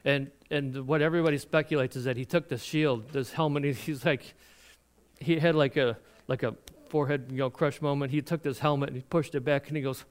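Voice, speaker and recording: Animated preaching man, smooth voice. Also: a little high, brisk. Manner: animated storytelling with frequent laughs and restarts. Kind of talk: sermon retelling a Bible story.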